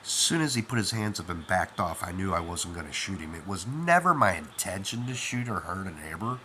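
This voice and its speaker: A man's voice: deep voice, lively intonation, fairly quick, bright, forceful tone, slight background noise. A middle-aged man, half asleep, rambling through a first-person story with lots of fillers. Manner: rambling, with many fillers like "you know" and "man".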